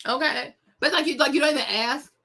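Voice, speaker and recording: Bright-voiced woman ranting animatedly to viewers. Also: high voice, a little fast, gravelly. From West Africa. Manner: animated, emphatic, laughs often, addresses viewers as y'all and girl. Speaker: vlog host. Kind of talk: casual monologue to viewers.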